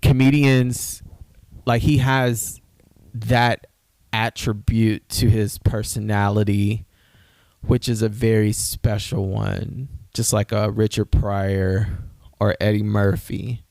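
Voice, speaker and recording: A man hosting a podcast in casual chat, talking in an animated, rambling way and getting riled up as he makes his points. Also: lowish voice, slow, gravelly, no room sound. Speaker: podcast host.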